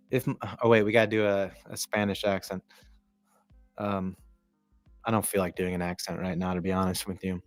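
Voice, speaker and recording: A fairly low-voiced man hosts a sports live stream, rambling casually and swearing freely. He clears his throat often between thoughts. His voice sounds dry and close, with faint music playing underneath. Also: no echo. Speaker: livestream sports commentator.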